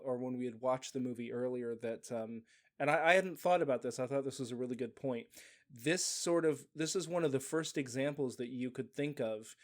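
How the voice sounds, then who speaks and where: A man's voice: mid-range voice, a little mellow. A man co-hosting a casual movie podcast, talking in a hesitant, hedging way with many restarts. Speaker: podcast co-host.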